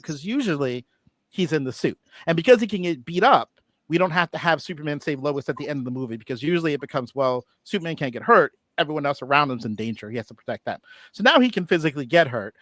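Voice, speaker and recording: A man's voice: on the high side, sharp tone, no room sound. Rambling, enthusiastic man in a dry room. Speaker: panelist. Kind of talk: casual film review chat.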